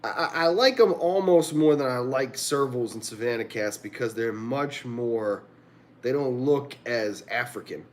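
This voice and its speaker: A man's voice: mid-range voice, measured pace. A man hosting a livestream from a room at home, chatting casually in a rambling, profane way and laughing often. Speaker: livestream host. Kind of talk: casual chat.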